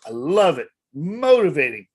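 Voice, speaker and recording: Co-host, male, high lively voice, a bit husky, brash storyteller. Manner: brash, eager, quick agreement fillers. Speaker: podcast co-host. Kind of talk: casual profane banter, storytelling.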